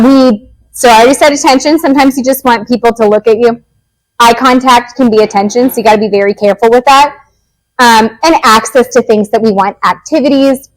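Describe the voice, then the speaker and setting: High-voiced woman giving a lively workshop. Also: low-quality recording. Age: adult parent. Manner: lively, joking, acts out quick quotes. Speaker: behavior analyst presenter. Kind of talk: parent workshop talk.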